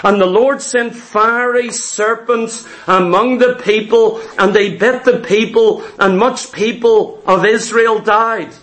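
Man, high voice, preaching a sermon, emphatic, repetitive cadence. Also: steady tone, slow, few pauses, fairly bright tone.

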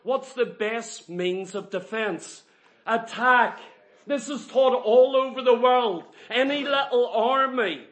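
A man with a very high voice preaches a sermon to a gathered congregation. He drives his points with rhetorical questions and repetition, rising to loud, forceful peaks. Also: slow pace.

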